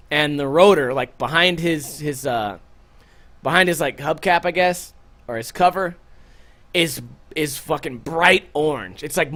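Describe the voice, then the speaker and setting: A young man vlogging, telling stories casually with lots of swearing and sound effects. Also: on the high side. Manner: animated, profane, with sound effects. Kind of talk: casual storytelling to camera.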